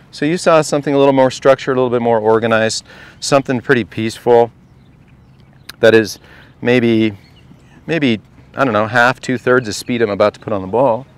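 A man's voice: medium pitch, smooth. A man coaching a group at a golf clinic, talking casually and asking the group question after question. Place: outdoor golf practice range.

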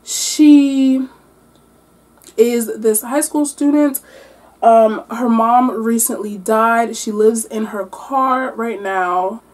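A woman doing a mukbang-style book wrap-up, animated and exclamatory as she talks between bites. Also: a little high, drawn-out words. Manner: animated, exclamatory, talking while eating. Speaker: book vlogger.

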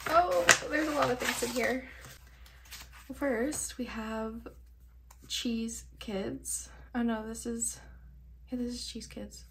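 A woman's voice: a little high, steady tone, slow, creaky, heavy background noise. A young woman with a nasal voice, chatting casually and gushing while she unboxes her mail, cursing freely and sounding short on sleep. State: sleep-deprived. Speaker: vlogger.

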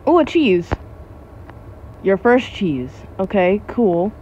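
A woman's voice: medium pitch, sing-song, takes it slowly, a little mellow, breathy edge, lo-fi sound. A woman YouTuber giving casual gameplay commentary, jumpy and giggly with frequent startled exclamations.

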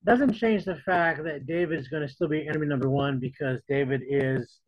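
Husky-voiced man preaching conversationally. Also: on the high side, brisk, dry recording, dull audio. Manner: conversational preaching, paraphrases scripture in casual modern voice. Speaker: Bible teacher. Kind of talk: sermon.

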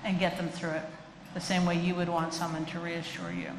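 A woman's voice: fairly low pitch, very animated, fairly quick. A woman giving a humorous live lecture on animal behavior and fear, acting out the voices of the people she quotes. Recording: echoey hall, faint room noise.

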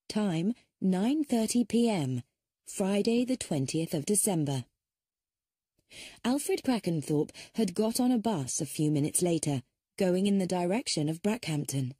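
A woman narrating a mystery audiobook in a steady storytelling manner. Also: fairly low pitch, slightly rough, dry recording, clean studio sound. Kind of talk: scripted narration.

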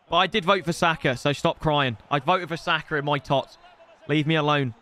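With a brisk pace and a slightly high voice, a young man delivers excitable streaming commentary on his gameplay, trash-talking his opponent and shouting at the big moments.

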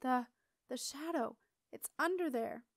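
A woman's voice: high voice, unhurried, no echo, studio quality. A woman reading a friendly, direct young princess in a storybook reading. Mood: alarmed.

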